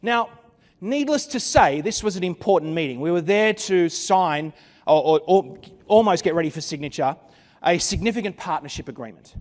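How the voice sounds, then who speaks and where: A man's voice: sits high, expressive, normal speed, darkish tone, in a large hall. Man telling a keynote story. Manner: dramatic storytelling with wry asides. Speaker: keynote speaker. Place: conference venue.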